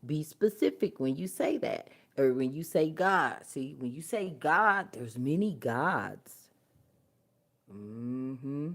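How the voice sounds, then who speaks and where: A woman who hosts a spiritual channel rants bluntly and profanely on a livestream, chatting casually. She laughs a lot, swinging between low mutters and loud outbursts.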